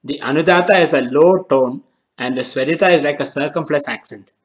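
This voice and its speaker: A man giving a scripted lesson as teacher, speaking in a measured, deliberate way and slowing down on key terms. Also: on the high side, low-quality recording. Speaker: language teacher.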